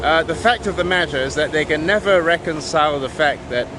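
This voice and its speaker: A man's voice: a little high, a little fast, background noise. A man from Malaysia with a British accent, giving a frank, opinionated monologue with sardonic asides. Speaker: commentator. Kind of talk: casual monologue.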